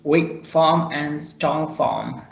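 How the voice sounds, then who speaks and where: Slow man reading a lesson in a roomy space. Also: on the high side, gravelly. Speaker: student presenter. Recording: roomy, dull lo-fi sound.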